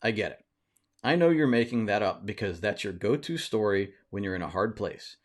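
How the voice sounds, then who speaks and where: A man reading the lines of a husband in a kitchen quarrel, speaking calmly and levelly, curious rather than angry. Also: on the low side, normal speed.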